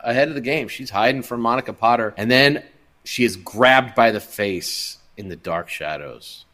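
A man's voice: mid-range voice, moderate pace, pushed and bright. A man co-hosting a podcast, making dry, sarcastic remarks while recapping a movie. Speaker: podcast co-host. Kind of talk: casual chat, recapping a movie.

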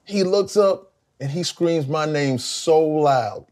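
Middle-aged male guest, animated raconteur, voices the people in his stories. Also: slow, heavy background noise. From South Carolina, US. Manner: animated storyteller, acts out quotes with big pitch jumps. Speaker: guest, former band vocalist. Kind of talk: casual interview storytelling.

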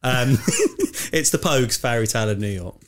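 A man's voice: mid-range voice, wildly swooping pitch, moderate pace. A man co-hosting a casual podcast, teasing his friends in a dry way. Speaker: podcast co-host. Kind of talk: casual chat.

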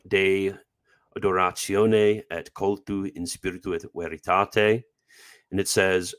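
Guy with a really low voice going through quotes on a livestream, lots of ums and uhs, pokes fun at his own pronunciation. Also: a bit bright. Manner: chatty, many fillers, self-deprecating about pronunciation. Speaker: host presenting theology quotes. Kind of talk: livestream commentary.

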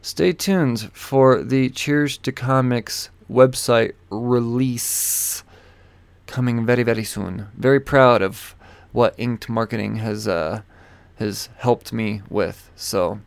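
A man's voice: mid-range voice, slow pace, creaky, clear, resonant tone, dry recording. A man hosting a podcast, rambling through a loose, profane outro full of plugs. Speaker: podcast host.

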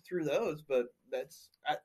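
A man co-hosting a crude casual chat, rambling with halting restarts and laughing along. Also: on the high side, a little mellow, a little hiss or hum. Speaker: podcast co-host.

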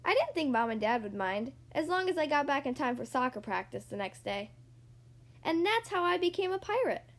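A woman reads a children's picture book aloud. Her voice sits high and moves a lot, with an expressive, storytelling lilt. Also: brisk. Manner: lively, expressive reading. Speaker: storybook reader. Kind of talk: storybook read-aloud narration.

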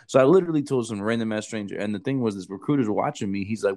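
A man's voice: on the low side, racing, hardly any pauses, mellow. A man in his thirties, a former Marine recruiter and podcast host, telling blunt, profane stories and saying bro a lot. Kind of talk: casual storytelling chat.

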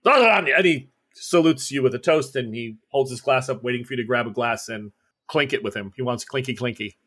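A man as game master, narrating a tabletop role-playing game in a lively way. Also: mid-range voice, normal speed.

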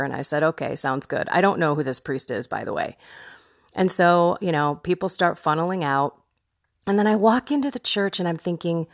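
A woman podcast host telling a personal story in a chatty, animated way, laughing now and then. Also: fairly low pitch, moderate pace, no room sound, studio quality.

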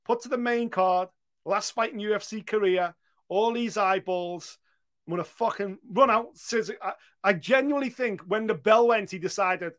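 British male podcast co-host, higher voice, lively and sweary banter. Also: normal speed. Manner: animated, swears freely, acts out quotes. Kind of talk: casual podcast chat.

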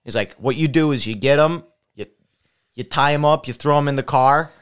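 A man's voice: mid-range voice, moderate pace, smooth. A young man casually telling a rambling story, quoting friends and family along the way. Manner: rambling anecdote full of quoted voices.

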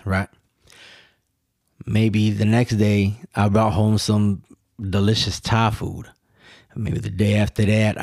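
A man talks to himself on his own podcast in a loose, meandering monologue, full of profanity and questions he answers himself. His voice sits on the low side, and the recording is dry and close. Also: vocal fry, darkish tone, dry recording. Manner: rambling, profane, rhetorical questions. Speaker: podcast host. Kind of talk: casual solo monologue.

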